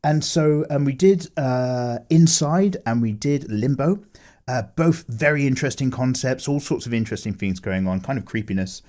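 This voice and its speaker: A man casually chatting with viewers while drawing, animated, with lots of fillers as he reads chat aloud. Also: mid-range voice, moderate pace. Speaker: art streamer chatting with viewers.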